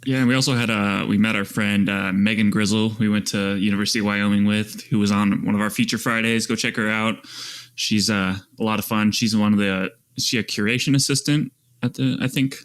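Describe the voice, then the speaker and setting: A man with a low voice chats easily as a podcast co-host. He rambles, uses slang, and loses track of names as he talks. His tone is relaxed and offhand. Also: brisk. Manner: laid-back, rambling, fillers and slang. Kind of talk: casual chat.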